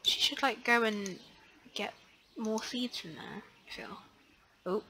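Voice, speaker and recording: Young woman doing chatty game commentary, bright sharp voice, gets excited easy, lots of ums. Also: on the high side, slow, a little hiss or hum, rough recording. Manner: chatty and excitable, frequent gasps and fillers. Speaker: let's play host. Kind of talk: casual gameplay commentary.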